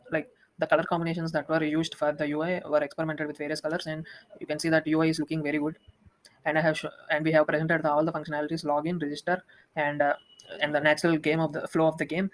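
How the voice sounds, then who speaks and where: A young man walking through a software demo, talking quickly with many restarts. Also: on the high side, low-quality recording. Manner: fast, flat, with frequent restarts and fillers. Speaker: student presenting a project demo.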